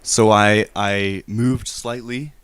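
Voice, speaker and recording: Male prank caller, lowish voice, long-winded and flustered, clear stream mic. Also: fairly even intonation, takes it slowly, fairly bright tone, no room sound. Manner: rambling, hesitant, defensive, with many restarts. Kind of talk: prank phone call storytelling.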